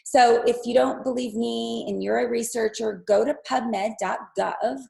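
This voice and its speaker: A woman's voice: fairly high pitch, fairly even intonation, unhurried, vocal fry, darkish tone, rough recording. A woman giving an enthusiastic, persuasive product presentation over a video call, talking straight to her viewers while losing her voice. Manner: enthusiastic, persuasive, addresses viewers as "you guys". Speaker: wellness presenter.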